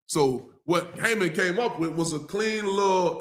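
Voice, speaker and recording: A man reading scripture aloud slowly, then retelling it in casual everyday talk as a teacher. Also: fairly high pitch, expressive, fairly bright tone. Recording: live stream talk.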